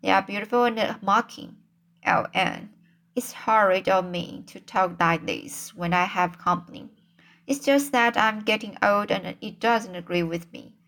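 A woman voicing a wistful, lonely older lady, reading slowly with small slips and restarts. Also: medium pitch, a bit bright.

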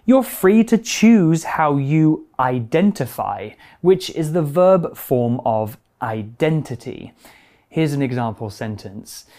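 A woman with a British accent teaching English words, explaining each one slowly and clearly with example sentences. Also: deep voice, warm tone. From Britain. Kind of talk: bilingual radio English lesson.

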